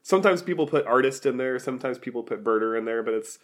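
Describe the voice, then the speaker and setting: A man's voice: medium pitch, expressive, quick pace. A man co-hosting a casual podcast, congested from a sinus infection, rambling with frequent ums and restarts. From US Pacific Northwest. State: congested, stuffed up. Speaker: podcast co-host. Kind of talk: casual chat.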